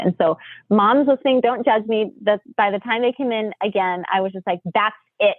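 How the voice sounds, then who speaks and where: A woman from the United States, a podcast guest, telling family stories in a lively way, often laughing and acting out what people said. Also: brisk, no echo. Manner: animated, acts out quotes with big pitch jumps, laughs often. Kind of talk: storytelling in casual chat. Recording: tinny phone-line audio.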